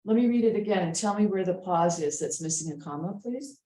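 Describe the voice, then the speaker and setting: A woman's voice: lowish voice, animated, fairly quick, few pauses, warm tone, roomy sound, rough recording. A woman teaching a writing class, patiently reading sentences aloud again and again to check the commas. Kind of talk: editing a student essay aloud in class.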